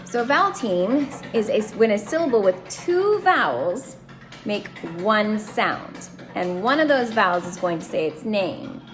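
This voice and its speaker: A woman's voice: mid-range voice, big pitch swings, measured pace, faint music behind. A woman teaching a phonics lesson, writing words and explaining each one step by step in a patient way.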